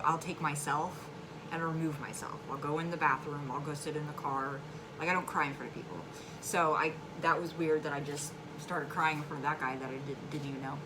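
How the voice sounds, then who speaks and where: A woman frankly telling a personal story on her vlog, halting and restarting, flaring up when angry. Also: low-pitched. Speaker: vlogger sharing a personal story. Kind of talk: candid conversational storytelling. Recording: clear background noise.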